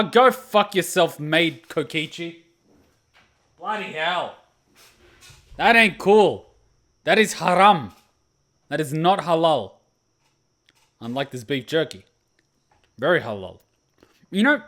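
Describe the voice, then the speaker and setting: Male gamer, high-ish voice, excitable rambling playthrough commentary. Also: a little slow, pauses often. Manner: excitable, swears in reactions, rambles into tangents. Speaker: gaming YouTuber. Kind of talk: let's play reaction commentary.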